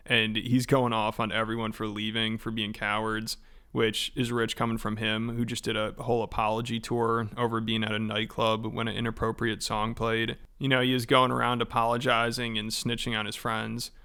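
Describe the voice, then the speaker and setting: Snarky commentary guy, clean bright voice, pretty monotone. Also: fairly low pitch, moderate pace, clear, resonant tone. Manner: sarcastic, mocking. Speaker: commentary host. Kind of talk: scripted commentary.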